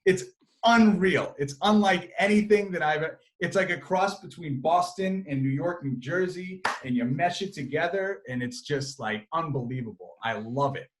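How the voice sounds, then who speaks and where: A young man, a sports reporter, chatting as an interview guest, animated and full of fillers and restarts. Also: a little high, moderate pace, a little hiss or hum, poor audio. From Massachusetts. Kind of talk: casual interview chat.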